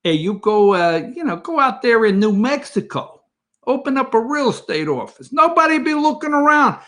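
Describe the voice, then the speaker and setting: A man's voice: very high voice, sing-song, moderate pace, pushed and bright, full character voice. A man putting on an exaggerated accent to voice a brash, scheming boss who hands out money.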